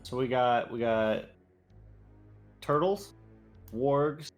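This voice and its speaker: A man's voice: medium pitch, very slow. Joking player man at a game table. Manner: joking, swears freely. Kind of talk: casual chat at a game table. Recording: faint background music.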